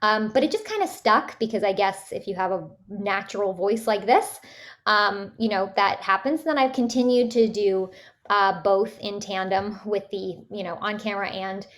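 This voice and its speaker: In a casual interview, a voice actress guest from Canada speaks in a mid-range voice at normal speed. Her talk is full of fillers and restarts.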